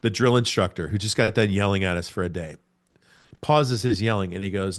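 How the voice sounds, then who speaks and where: A middle-aged man from the United States, a podcast guest telling a story in a casual interview, laughing often and jumping to a much higher pitch at the exciting moments. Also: fast talker.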